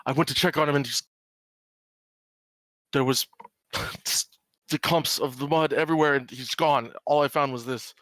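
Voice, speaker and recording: Man playing a distraught father, frantic, high strained voice, dry sound. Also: steady tone, normal speed, pauses often, no echo, close to an everyday voice. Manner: shouting, distraught. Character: panicked frantic adult man, grieving father.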